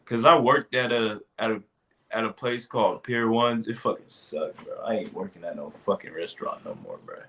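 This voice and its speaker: A young man with a fairly low voice talks casually on a podcast call. He swears often and lets his sentences trail off into mumbles. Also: big pitch swings, normal speed, vocal fry, pushed and bright. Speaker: podcast co-host. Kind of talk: casual chat.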